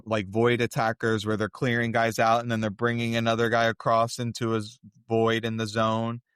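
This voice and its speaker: A man's voice: mid-range voice, fairly bright tone, clear, resonant tone, no room sound, studio quality. A man co-hosting a podcast, in casual chat, breaking things down in long running explanations. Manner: analytical, talks in long run-on explanations. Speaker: podcast co-host.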